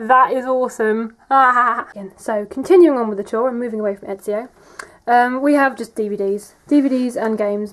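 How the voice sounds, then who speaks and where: A woman's voice: on the high side, poor audio. A young woman gives a casual, rambling bookshelf tour vlog, often saying "like" and "um". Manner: chatty and rambling, says "like" and "um" often. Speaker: vlogger.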